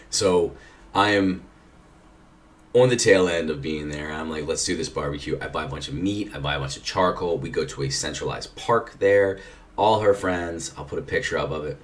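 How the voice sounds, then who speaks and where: A man casually telling a long personal story, rambling and swearing, with lots of filler "like"s. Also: low-pitched. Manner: rambling, profane, many filler "like"s. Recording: distant mic with faint background noise.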